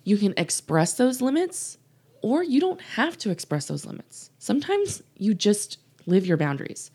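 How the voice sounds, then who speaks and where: A woman's voice: medium pitch, sing-song, normal speed, dark tone, husky. A woman coach hosting a solo podcast, earnest and emphatic, repeating her key points with light laughs. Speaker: podcast host and life coach.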